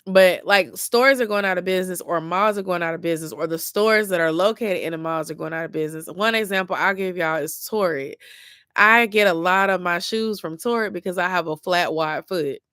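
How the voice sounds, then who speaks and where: A woman's voice: lowish voice, brisk, a bit bright, clean tone, no room sound, clean studio sound. A young woman, chatting casually and a bit sleepily with viewers in a rambling, informal way. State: sleepy, yawning. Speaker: lifestyle vlogger. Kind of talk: casual late-night chat with viewers.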